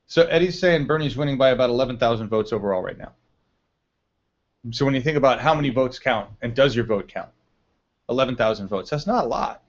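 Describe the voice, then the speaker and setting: A man's voice: mid-range voice, lively intonation, brisk. A man hosting a casual live stream, chatting, laughing often and reading the chat aloud. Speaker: livestream host. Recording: dull lo-fi stream audio.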